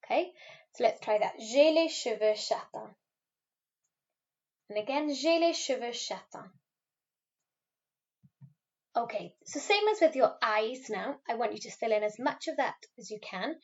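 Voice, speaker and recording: A woman teacher giving a recorded French lesson, patiently modelling words slowly for pupils to repeat. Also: on the high side. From Wales. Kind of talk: recorded classroom video lesson. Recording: slightly dull, lo-fi recording.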